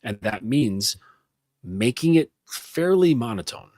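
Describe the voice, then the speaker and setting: A man coaching on a livestream, speaking slowly and deliberately with blunt, casual swearing. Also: medium pitch, sing-song, a little mellow, no echo. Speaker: men's coach.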